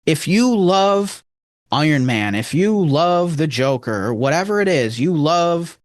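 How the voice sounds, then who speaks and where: A man with a Rochester accent co-hosting a podcast, talking in a rambling, earnest way with emphatic swings in pitch. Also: lively intonation, unhurried. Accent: Rochester, New York. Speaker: podcast co-host. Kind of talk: casual chat.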